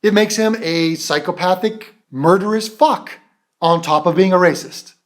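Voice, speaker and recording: A man's voice: high-pitched, measured pace. A man hosting a reaction commentary, ranting in a profane, mocking and exasperated way. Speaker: commentary channel host.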